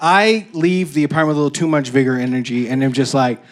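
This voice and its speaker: A man in his thirties from Canada performing a stand-up comedy set on stage into a handheld mic, telling stories in an animated way. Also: mid-range voice, fast. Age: 30s. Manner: animated storytelling, jumps into loud acted-out voices.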